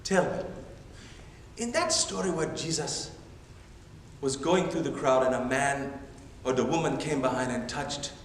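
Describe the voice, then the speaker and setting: A man voicing a quiet, thoughtful East African male guard, with an imitated East African accent, speaking slowly and softly. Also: medium pitch, slight background noise, lightly acted. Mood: curious. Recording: echoey church hall from afar.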